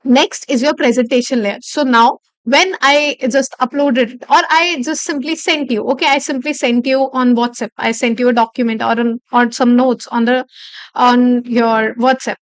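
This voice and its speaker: High-voiced woman teaching a live class. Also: fairly even intonation, normal speed, no room sound. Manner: explains step by step, repeats key phrases, checks in with "okay". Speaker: instructor. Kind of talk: live online lecture.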